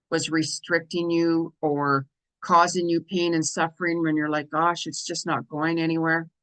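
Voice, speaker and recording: A middle-aged woman with a fairly low, fairly bright voice hosts an astrology and tarot show, captured on a rough recording. She chats casually in a spiritual monologue, repeating phrases and leaning on "you know" and "right?" constantly. She sounds a little tired from lost sleep.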